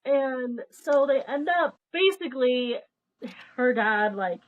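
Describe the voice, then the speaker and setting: Young woman, podcast co-host, casual chat, lively story retelling, acts out voices, fairly high voice. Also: takes it slowly, poor audio. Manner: animated storytelling, acts out characters' lines, laughs often, swears casually. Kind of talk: casual book review chat.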